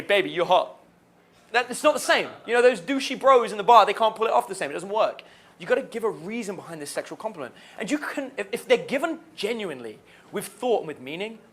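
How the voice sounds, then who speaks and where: Man, dating coach, fairly high voice, swooping lively pitch, animated delivery. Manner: animated, acts out quoted lines. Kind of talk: dating advice talk.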